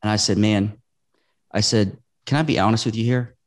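A man with a lowish voice talks in a casual podcast conversation. He is earnest and animated, and he acts out what people said in his stories. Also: normal speed. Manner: earnest, animated storytelling with acted-out quotes. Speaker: real estate investor guest.

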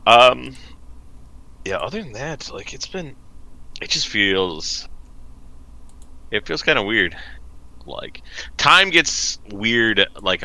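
A man's voice: low voice, pushed and bright, rough recording. A man chatting casually, rambling and joking with lots of fillers. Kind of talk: casual chat.

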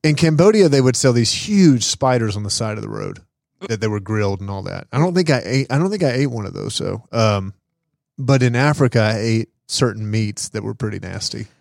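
A man's voice: fairly low pitch, lively intonation, fairly quick, vocal fry, a little mellow, no echo, studio quality. A man co-hosting a podcast, chatting in a matter-of-fact way with wry jokes. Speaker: podcast co-host, pastor. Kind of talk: casual chat.

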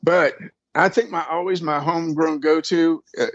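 A man's voice: fairly high pitch, steady tone, normal speed, no room sound, lo-fi sound. A man being interviewed, telling long, profane stories in a casual, rambling way full of fillers. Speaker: interview guest. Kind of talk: casual storytelling.

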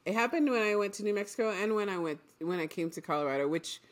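A woman journalist from Trinidad co-hosting a podcast. She talks in a polished newscaster manner and grows animated in casual chat. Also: medium pitch, quick pace. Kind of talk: casual conversation.

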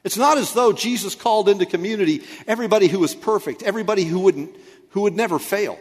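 Guy preaching, kinda high voice, chatty jokey sermon, echoey big church sound. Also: fast talker, slightly rough. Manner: conversational preaching with playful asides. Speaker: pastor.

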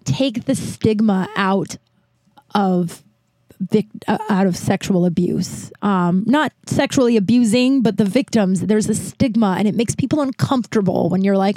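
Candid female podcast host, mellow voice, dry close sound, rambling. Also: mid-range voice, a little slow, no room sound. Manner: rambling, frank, many restarts. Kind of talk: candid personal storytelling.

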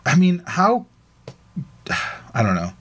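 A man's voice: sits high, wildly swooping pitch, slow. A man co-hosting a casual podcast, laid-back and chatty, reading a listener's email aloud with asides and laughs. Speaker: podcast co-host.

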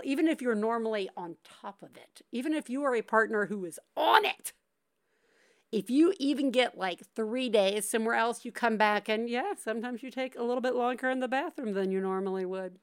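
A woman's voice: a little high, a bit bright, clear, resonant tone, no room sound, clean studio sound. A woman hosting a podcast, reassuring a caller in a loose, laughing, rambling way with many fillers. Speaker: podcast host. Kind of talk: casual advice chat.

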